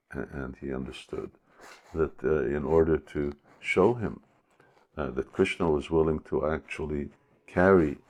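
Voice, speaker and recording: A man telling a devotional story as a spiritual teacher in a sermon, unhurried and hesitant, with many pauses. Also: very deep voice, a little mellow.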